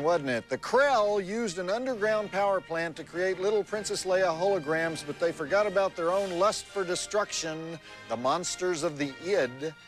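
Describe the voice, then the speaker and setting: A man hosting a late-night movie broadcast with a wry, deadpan, jokey delivery. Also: high voice. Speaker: TV movie host.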